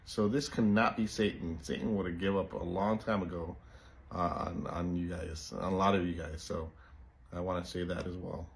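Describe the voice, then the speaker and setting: Man, low-ish pitch, earnest, plain-spoken, reassuring, casual talk to viewers. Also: steady tone, moderate pace, creaky. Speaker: co-host of a religious channel.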